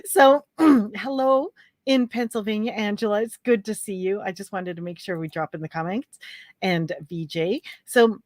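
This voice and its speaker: A woman's voice: mid-range voice, moderate pace, no echo, studio quality. A woman hosting a casual livestream, chatty and greeting viewers by name, her throat a little phlegmy. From Canada. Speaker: livestream host. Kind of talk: casual live chat.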